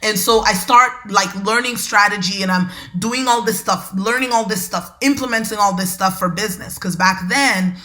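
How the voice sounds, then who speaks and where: A woman hosting a podcast, telling a personal story in a lively, conversational way and talking straight to her listeners. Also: mid-range voice, moderate pace, few pauses. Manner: animated, conversational, addresses listeners as y'all. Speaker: podcast host.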